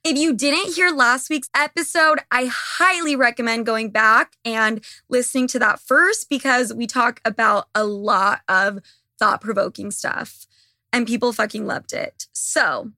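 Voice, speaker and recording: Young woman podcast host, candid profane rant, slightly high and sharp, dry close mic. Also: measured pace, dry recording. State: slightly losing her voice. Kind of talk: casual monologue.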